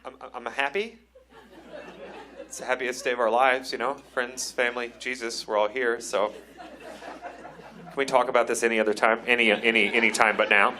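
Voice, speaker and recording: A man from Cleveland, Ohio, doing a live stand-up set on a comedy club stage, telling wry, self-deprecating stories that build into excited rants. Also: mid-range voice, moderate pace, a faint crowd, slight background noise. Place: comedy club stage before a laughing audience.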